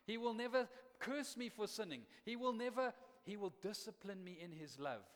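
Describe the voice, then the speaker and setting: A man's voice: high-pitched, expressive, moderate pace. A man, a pastor preaching an emphatic sermon and breaking it up with joking asides. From South Africa. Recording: long reverb of a hall.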